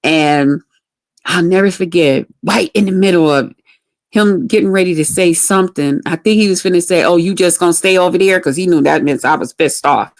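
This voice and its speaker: A woman's voice: on the low side, normal speed. A woman telling a personal story to her livestream viewers in casual, frank talk, cursing freely and speaking straight to the audience. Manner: candid, profane, addresses viewers directly. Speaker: livestream host.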